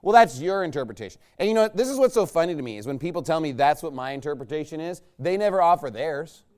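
A man delivers a sermon as if chatting with friends, rambling from point to point and often checking in with his listeners. His voice sits a little high for a man and comes across smooth and clean. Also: animated, fast talker, a little mellow. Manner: conversational, rambling, asks listeners "right?". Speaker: preacher.

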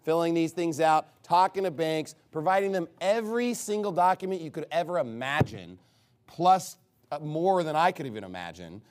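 A man preaching a sermon in a lively, sarcastic way, with a voice that sits somewhat high for a man. He throws rhetorical questions at the congregation and jabs at them with dry asides. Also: moderate pace. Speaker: pastor.

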